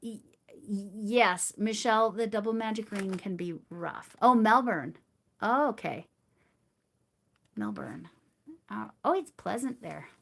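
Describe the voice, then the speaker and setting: A woman's voice: mid-range voice, slow pace, gravelly, long pauses. A middle-aged woman hosting a crochet livestream, chatting casually with viewers in a rambling way, with frequent laughs and restarts. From United States. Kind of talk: casual chat with live chat viewers.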